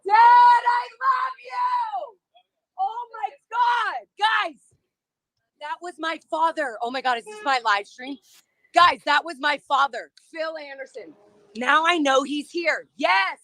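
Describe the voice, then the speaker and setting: A woman in live-stream footage, crying and shouting in overwhelmed disbelief. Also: very high-pitched, slow pace, no room sound, rough recording.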